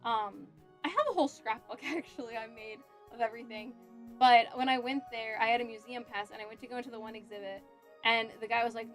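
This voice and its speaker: A woman's voice: a little high, steady tone, brisk, faint music behind. A young adult woman chatting casually on a cosplay livestream while she works, telling stories with frequent giggles. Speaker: cosplay streamer.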